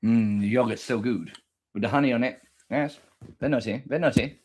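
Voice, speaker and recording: A man's voice: medium pitch, fairly quick, a little mellow, slightly rough. A man hosting a reaction video, chatting in a rambling, crude way and talking to his pet. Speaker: reaction channel host. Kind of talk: casual reaction chat.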